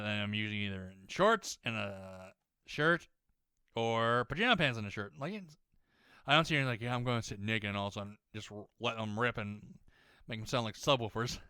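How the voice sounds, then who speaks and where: A man's voice: on the low side, pushed and bright, clear, resonant tone, no echo, clean studio sound. A man rambling in casual let's-play commentary, self-deprecating and swearing freely. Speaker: gaming channel host.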